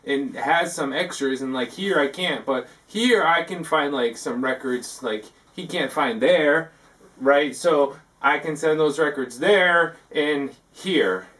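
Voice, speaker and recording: A man hosting a comic talk segment, rambling and halting, filling his talk with "like" and tacking on "eh". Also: fairly high pitch, fairly bright tone, distant mic. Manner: halting, full of "like" and tacked-on "eh". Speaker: host of a parody talk segment.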